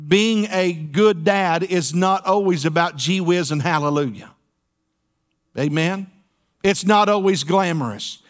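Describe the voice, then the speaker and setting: In a church sanctuary, a senior pastor preaches a folksy, playful sermon, tossing call-and-response asides to the congregation. He has a high voice and speaks a little slowly.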